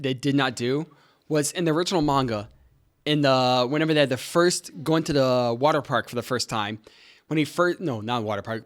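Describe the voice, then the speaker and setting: A man's voice: medium pitch, a bit bright. A young man co-hosting a podcast in casual chat, rambling and joking and losing his train of thought. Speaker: podcast co-host.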